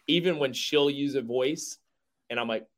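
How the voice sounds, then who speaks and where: A man with a mid-range voice, chatting in a relaxed, easygoing way. He tells stories from home and laughs often as he talks. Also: mid-range voice, measured pace. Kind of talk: casual chat.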